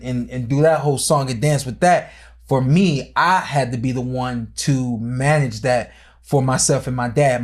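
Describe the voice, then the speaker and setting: A man hosting a podcast in casual chat, a former boxer telling stories earnestly and with animation. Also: medium pitch.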